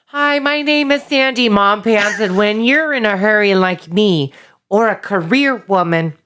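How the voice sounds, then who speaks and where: A man's voice: high-pitched, a little slow, pushed and bright, clean tone, voice pushed up. A man doing a perky busy suburban mom. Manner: upbeat infomercial chatter.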